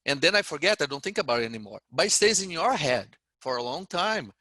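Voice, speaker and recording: The head day trader, a middle-aged man with a foreign accent, rambles bluntly through a motivational talk to his group, frequently starting sentences over. He speaks fast in a fairly high, very animated voice that sounds pushed and bright, with no room sound.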